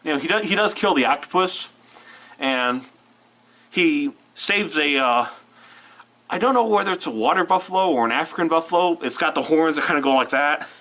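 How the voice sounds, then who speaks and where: Male reviewer with a cold, rambling and self-interrupting, fairly high, bright and forceful. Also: expressive, normal speed, poor audio. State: fighting a cold. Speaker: movie reviewer. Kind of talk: casual rambling film review.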